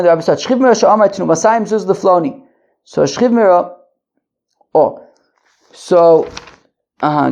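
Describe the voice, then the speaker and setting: A man teaching a daily Talmud lesson, translating line by line in a halting way with many restarts while pacing back and forth. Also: high-pitched, creaky, dull audio. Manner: halting, many restarts and fillers, Yiddish-flavored study terms. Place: pacing at the edge of a wedding hall.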